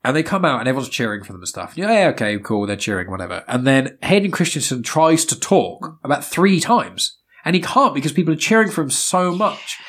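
An animated man with a husky edge to his voice, talking through a casual podcast discussion. His pitch swings widely as he rambles, laughs and swears his way through his points. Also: a little fast, hardly any pauses. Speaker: podcast host.

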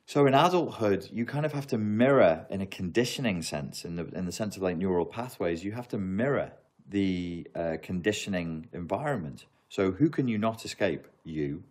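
A man with a notably deep, low-pitched voice talks casually to his livestream audience. He reads viewer questions aloud and answers with a mix of joking asides and earnest advice, laughing often. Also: lively intonation, normal speed, hardly any pauses, darkish tone.

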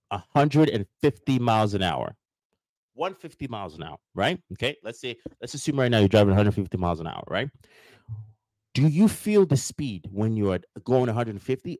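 A man's voice: medium pitch, a little mellow, no echo. A man hosting a live motivational talk, repeating points emphatically and speaking straight to his viewers. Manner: emphatic, repetitive, addresses viewers directly. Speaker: host.

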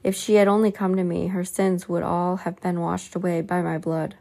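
A woman reading the lines of Jesus as a gentle, solemn man in a storybook reading. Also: on the low side, flat delivery, vocal fry. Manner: slow, soft and solemn.

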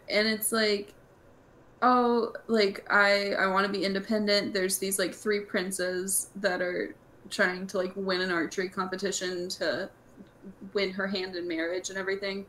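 A young woman hosting a casual podcast, talking in an animated, chatty way with lots of fillers. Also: mid-range voice, normal speed, slight background noise. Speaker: podcast host.

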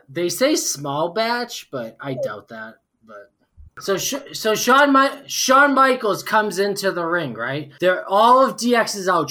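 A man in his forties, a few drinks in, spins a story as a podcast guest, swearing freely and leaning on fillers. His pitch leaps around a lot. His tone is bright and edged. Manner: profane, animated storytelling with lots of fillers. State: tipsy from drinking. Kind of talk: casual storytelling.

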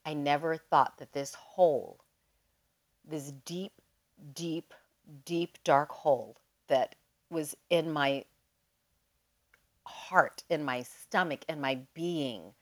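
Lower-pitched woman telling a story. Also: slow, pauses often. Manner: animated, emotional storyteller who leans on "like". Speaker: podcast guest. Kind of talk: casual interview storytelling.

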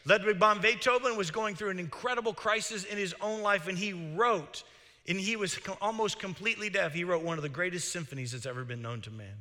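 A man pastor preaching a sermon, excitable and getting loud when he's fired up. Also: high voice, fairly quick, in a large hall. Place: church sanctuary.

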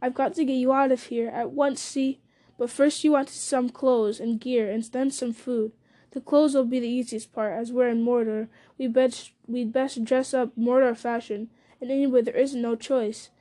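A woman's voice: a little high, steady tone, normal speed, mellow, lightly acted. A woman reading the part of a loyal, earnest male hobbit servant who talks plainly and deferentially. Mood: practical. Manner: plain-spoken, homely, deferential.

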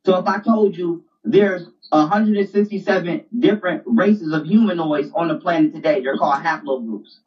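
A man's voice: on the high side, moderate pace, few pauses. An insistent man lectures through a heated argument, circling back over the same phrases to hammer his point home. He sits some way back from the microphone. The recording sounds dull and lo-fi. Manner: insistent, repeats himself, lectures. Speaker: debater. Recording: distant dull lo-fi mic.

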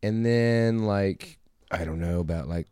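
A man's voice: low-pitched, measured pace, a little mellow, clean tone, no room sound, studio quality. A man co-hosting a podcast in casual chat, sarcastic and heavily profane. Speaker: podcast co-host.

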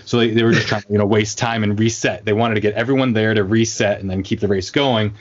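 A man hosting a podcast talks in a somewhat low voice, laid back and casual. He fills his speech with small hesitations. The sound is a little muffled and lo-fi. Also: steady tone, quick pace. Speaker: podcast host. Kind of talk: casual chat.

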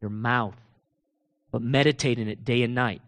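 A man preaching a sermon, asking rhetorical questions and swinging between loud proclaiming and low, quiet emphasis, with casual asides to his listeners. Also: steady tone, normal speed. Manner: laughs and talks casually to the congregation.

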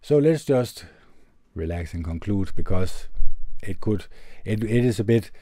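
A man hosting a podcast, reading a heartfelt letter aloud and then reflecting on it in an earnest, measured, gentle way, into a tube condenser studio mic. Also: on the low side, expressive, dry recording. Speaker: podcast host.

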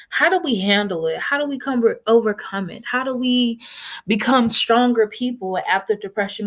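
A young woman vlogger talking candidly and earnestly in a conversational way, with frequent filler phrases. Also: mid-range voice. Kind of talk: candid personal talk.

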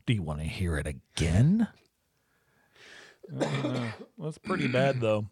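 A man's voice: mid-range voice, big pitch swings, takes it slowly, gravelly, long pauses, a little mellow, husky, no room sound, clean studio sound. A man casually chatting as co-host, telling a story with lots of swearing and acted-out quotes. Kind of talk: casual chat.

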